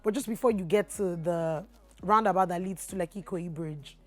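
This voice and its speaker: A woman with a Nigerian accent telling a storytime vlog, swinging from low asides to loud outbursts. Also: moderate pace. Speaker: vlogger.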